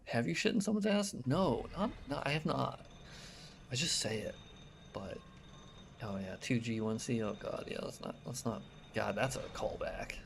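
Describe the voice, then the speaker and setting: A man streaming a hard video game live, talking to himself and his chat, excitable and swearing constantly. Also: fairly low pitch, measured pace, vocal fry, a little hiss or hum. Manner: excitable, swears a lot, talks to himself while playing. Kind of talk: live gameplay commentary. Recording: loud game music behind voice.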